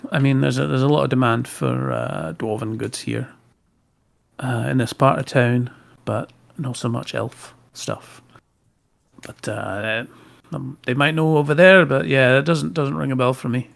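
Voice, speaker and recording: A man voicing a gruff male dwarf blacksmith who talks in a hesitant, folksy way in a tabletop role-play. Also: mid-range voice, a little slow. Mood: helpful.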